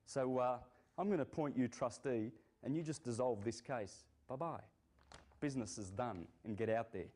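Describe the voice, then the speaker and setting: A man with a mellow, warm voice talks in a casual, emphatic way. He pushes his points hard and rises to indignant bursts. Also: mid-range voice, normal speed. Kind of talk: casual speech.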